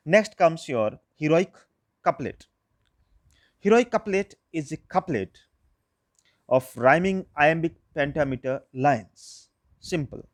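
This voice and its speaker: A man, an English lecturer, giving a recorded lecture, explaining slowly and repeating key terms. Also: on the high side, dry recording.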